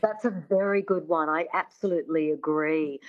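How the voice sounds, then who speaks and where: A woman's voice: deep voice, normal speed, lo-fi sound. A woman, a coach, speaking eagerly and agreeably as a guest on a radio talk show. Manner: enthusiastic, agreeable. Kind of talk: radio interview.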